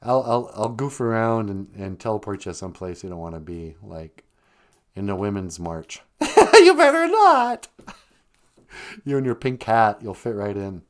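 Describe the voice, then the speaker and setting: A man hosting a morning radio show, explaining words in an easygoing, teasing way, often trailing off into low, soft asides. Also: normal speed. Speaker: radio host teaching Ojibwe words. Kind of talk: joking morning radio chat.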